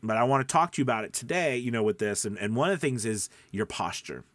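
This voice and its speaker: A man's voice: mid-range voice, fast talker, no echo. Guy coaching voiceover folks, upbeat and chatty, lots of um and you know, dry close sound. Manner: energetic, chatty, many fillers. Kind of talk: upbeat teaching monologue.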